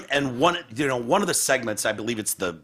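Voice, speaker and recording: A man's voice: mid-range voice, moderate pace. A man hosting a podcast in casual chat, telling a story full of swearing and acting out the people in it. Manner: profane, animated storyteller who acts out people he quotes. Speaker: podcast host.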